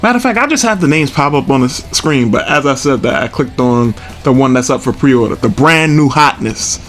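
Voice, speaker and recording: A man's voice: mid-range voice, animated, fairly quick, fairly bright tone, faint music behind. Chatty self-amused man guiding collectors. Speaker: toy collector video host. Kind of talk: casual product walkthrough.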